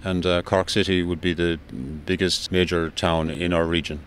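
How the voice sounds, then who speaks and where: A man with a Kerry Irish accent, a walking tour guide explaining things in an unhurried way with fillers in a radio travel interview. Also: deep voice, flat delivery, slight background noise. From Ireland.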